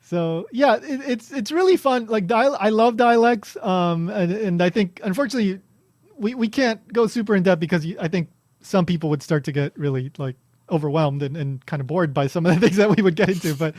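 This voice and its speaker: A man's voice: high-pitched, a little fast, a little mellow, no echo. A man hosting a podcast, chatting casually and explaining things with lots of restarts and fillers. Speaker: podcast host.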